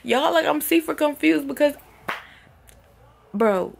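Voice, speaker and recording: A woman's voice: high voice, lively intonation, slow pace, gravelly, slight background noise. A young woman talking casually to her vlog audience in slangy speech, packing nearly every phrase with "like" and "bro.". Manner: exasperated, venting. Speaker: vlogger.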